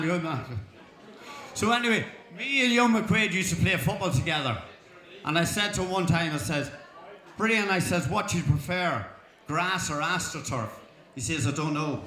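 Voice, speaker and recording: A man's voice: high-pitched, fairly bright tone. A man with an Irish accent telling jokes in folksy storytelling fashion, chuckling through punchlines at a school talent show. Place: school hall. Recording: echoey hall.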